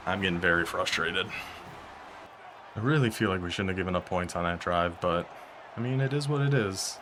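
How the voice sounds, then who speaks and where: A young man commentating his own football video game as he plays, talking to himself and reacting with sudden excitement and frustration. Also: sits low, noisy background. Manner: talks to himself while playing, quick bursts of excitement and frustration. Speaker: gaming YouTuber. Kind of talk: live gameplay commentary.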